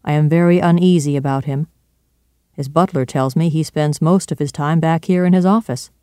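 A reader doing an earnest, worried lawyer. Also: male voice, a little high, fairly even intonation, moderate pace, warm tone, smooth, dry recording, studio quality, lightly acted. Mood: uneasy. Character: concerned, cheerful male lawyer. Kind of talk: storybook reading.

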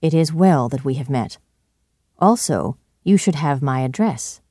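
A man reading aloud and voicing a pale, sinister man who is defiant and quick to anger, with a sharp, accusing delivery. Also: a little high, lively intonation, no echo, clean studio sound.

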